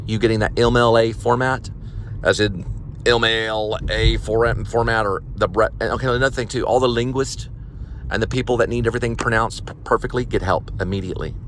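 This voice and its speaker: A man's voice: fairly low pitch, a little hiss or hum. A man delivering food who talks in a rambling, casual monologue that drifts into preachy exhortations. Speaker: vlogger and food delivery driver.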